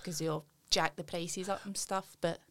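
A woman's voice: fairly low pitch, steady tone, normal speed, creaky, a bit bright. A Scottish woman comedian, a podcast guest, telling blunt, sweary stories and laughing often in a casual studio chat. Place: studio, across a desk from the host.

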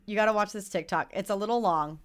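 A woman's voice: medium pitch, fast talker, a little hiss or hum. A young adult woman co-hosting a podcast, chatting casually, earnest and emotional as she rambles with fillers. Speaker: podcast co-host. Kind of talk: casual chat.

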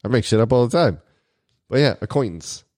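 A man's voice: medium pitch, expressive, a little fast, a little mellow, no room sound, clean studio sound. A married man in casual banter with friends, joking and laughing often and poking fun at himself. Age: adult, married. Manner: jokey, laughs often, self-mocking. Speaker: podcast co-host.

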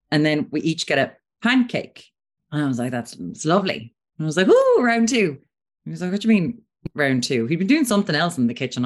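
An Irish woman in her thirties co-hosting a casual chat podcast, telling animated stories and acting out what people said. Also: sits low. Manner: animated storyteller, acts out quotes. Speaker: podcast co-host.

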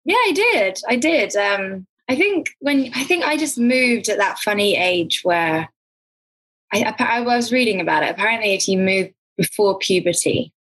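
Breathy woman with an English accent. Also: mid-range voice, expressive, normal speed, fairly bright tone. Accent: English, neutral. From Scotland, grew up in Glasgow. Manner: chatty, laughs often, trailing restarts. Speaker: actor, guest. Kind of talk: casual interview chat.

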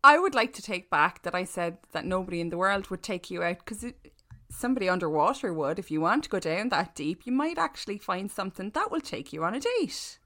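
Bright, lively woman telling stories. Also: fairly low pitch, fairly quick. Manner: animated storyteller, acts out quotes. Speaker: podcast co-host. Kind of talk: casual chat, telling anecdotes.

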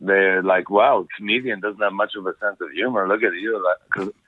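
A middle-aged comedian from Quebec, telling profane, animated stories in casual podcast chat. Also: male voice, sits low, normal speed, dry recording, phone-quality sound. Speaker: comedian guest.

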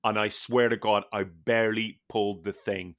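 Bright-voiced man telling a story. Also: lowish voice, normal speed. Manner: animated storytelling, swearing, laughing often. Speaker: podcast co-host. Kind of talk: casual chat.

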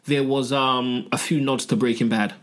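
A man chatting on a podcast, joking as he lays out a story piece by piece. His voice sits at a middle pitch. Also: steady tone, moderate pace. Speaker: podcast co-host. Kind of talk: casual podcast chat.

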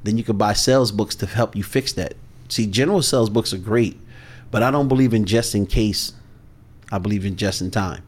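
Deliberate, low-voiced male sales coach. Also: slightly rough. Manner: measured, deliberate and authoritative. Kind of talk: podcast interview talk.

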